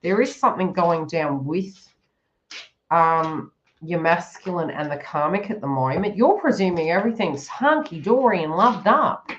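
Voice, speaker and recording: A woman's voice: lowish voice, expressive, moderate pace, lo-fi sound, slight background noise. A woman giving a live-stream tarot reading, chatty and giggly, often acting out the listener's inner thoughts in quoted asides. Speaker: tarot reader.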